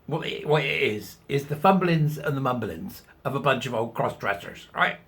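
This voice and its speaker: A man's voice: medium pitch, expressive, moderate pace, a bit bright. A middle-aged man hosting his own show, talking in a chatty, sarcastic way and laughing at his own jokes. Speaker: host. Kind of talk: casual commentary.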